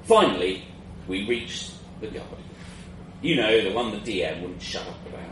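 A man's voice: on the low side, very animated, moderate pace, a bit bright. A man narrating a first-person fantasy story in a wry, self-mocking way, in a roomy, distant, noisy recording.

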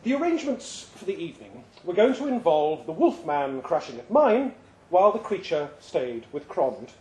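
A man giving a lively, expressive live reading of a short story at a pub event. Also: fairly high pitch, moderate pace. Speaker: reader. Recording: roomy live venue sound.

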